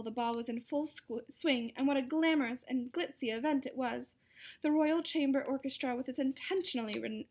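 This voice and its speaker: High-voiced woman reading a storybook. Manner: steady reading with occasional slips and self-corrections. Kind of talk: reading a picture book aloud.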